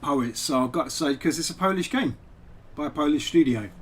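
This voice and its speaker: A man's voice: a little high, lively intonation, normal speed, a little hiss or hum. A man talking casually and digressively while streaming a game from home, chatting to viewers as a poet. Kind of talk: casual live-stream chat over gameplay.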